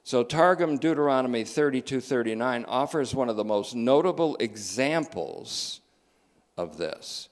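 Male pastor, mid-pitched, slow and emphatic sermon delivery with casual digressions. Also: animated. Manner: slow, emphatic preaching with asides and joking digressions.

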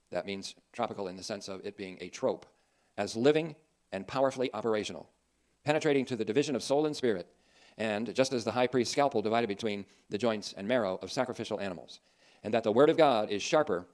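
A man preaching a sermon in an earnest, emphatic way, with dry asides. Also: fairly low pitch.

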